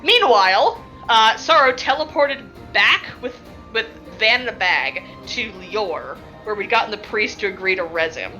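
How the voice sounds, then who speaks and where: A woman's voice: mid-range voice, lively intonation, unhurried, hardly any pauses, sharp tone, faint music behind, low-quality recording. A woman who plays in a tabletop game, recapping a session casually, rambling and laughing, with lots of filler words.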